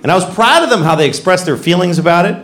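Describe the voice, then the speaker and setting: A middle-aged man doing stand-up comedy, animated, often breaking into loud character voices. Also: high-pitched, very fast. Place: comedy club stage. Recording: echoey venue with noisy ambience.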